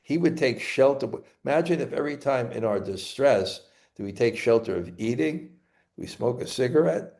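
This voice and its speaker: A man's voice: mid-range voice, expressive, gravelly, a little mellow. A man with a Brooklyn accent giving a scripture class, stopping and restarting often. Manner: halting, repeats words and restarts often. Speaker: spiritual teacher.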